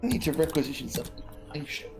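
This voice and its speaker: A man's voice: fairly high pitch, big pitch swings, rapid-fire, music in the background. A man playing a wheedling freelance reporter. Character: smooth-talking male freelance reporter.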